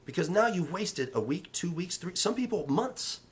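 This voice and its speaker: A man's voice: high voice, expressive, normal speed. A man in real estate speaking in a casual vlog, giving emphatic, repetitive motivational advice in a coaching tone.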